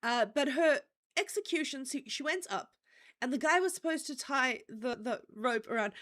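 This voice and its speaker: A fairly high-pitched woman recounts a true-crime story on her stream. She talks loosely and conversationally, checking in with her listeners and dropping the odd curse word. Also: animated, normal speed, a bit bright. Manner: chatty, checks in with "okay?", swears casually. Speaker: stream host.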